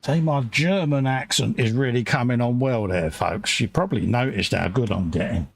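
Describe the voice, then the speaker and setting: A man's voice: medium pitch, moderate pace, vocal fry, slightly rough. A man chatting casually and joking with his co-host while talking through each step of building a model kit.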